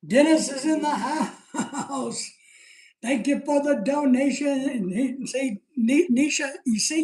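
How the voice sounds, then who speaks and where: A man's voice: extremely high pitch, takes it slowly, a little mellow. A middle-aged man hosting a live stream in casual chat, reading out viewer comments, rambling and joking, laughing often. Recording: roomy echo.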